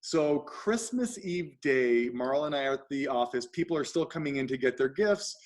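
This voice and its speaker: A man hosting a talk show, telling an animated story and acting out the people he quotes. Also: medium pitch, normal speed. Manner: acts out quoted voices, shifts pace often. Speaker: show host.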